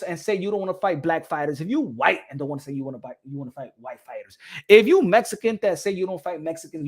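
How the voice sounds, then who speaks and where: A man's voice: high-pitched, a little mellow. A man hosting a boxing commentary show, ranting in a heated, profane and mocking way, often breaking into laughter. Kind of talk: opinionated rant to camera.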